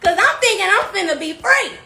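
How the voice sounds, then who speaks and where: A young woman tells a story in a high, bouncing voice that swings all over the place. Her delivery is loud, animated and full of slang and swearing. The sound is bright and sits in an echoey room with a faint background hum. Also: a little fast. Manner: profane, casual slang. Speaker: vlogger. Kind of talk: storytime vlog.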